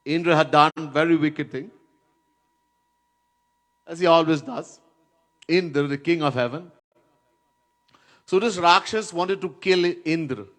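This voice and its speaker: Slow-speaking man giving a devotional lecture. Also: fairly high pitch, a bit bright. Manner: storytelling, chants Sanskrit verses, stresses words by repetition. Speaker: swami giving a spiritual lecture. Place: Trinidad.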